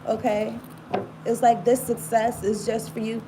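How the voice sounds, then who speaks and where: Her voice sits on the high side with little pitch movement, and she keeps a measured pace against a noisy background. Giving a casual tarot reading, she rambles, laughs a lot, and speaks straight to the viewer with many asides.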